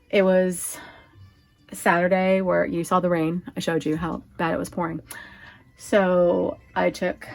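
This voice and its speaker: Woman from Oregon, low gravelly voice, chatty rambling home vlogger. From Oregon, USA. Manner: chatty, rambling, laughs often. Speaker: lifestyle vlogger. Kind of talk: casual chat to camera.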